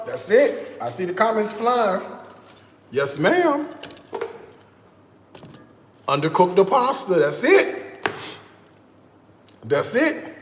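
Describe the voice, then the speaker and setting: A man's voice: high voice, big pitch swings, slow, long pauses. A man hosting a live cooking stream, theatrical and talking straight to viewers with dramatic exclamations and groans. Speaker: cooking show host. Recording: roomy echo with faint noise.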